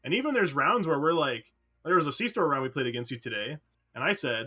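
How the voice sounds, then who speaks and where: Bright-voiced animated gamer guy. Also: on the high side, fairly quick, slightly rough. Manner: animated, rambling with many fillers. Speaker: esports player. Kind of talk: post-match interview chat.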